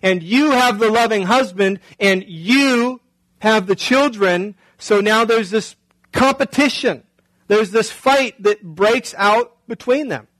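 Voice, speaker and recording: A man's voice: high voice, a bit bright, no room sound, low-quality recording. A male pastor preaching a sermon in a conversational way, often asking the congregation rhetorical questions.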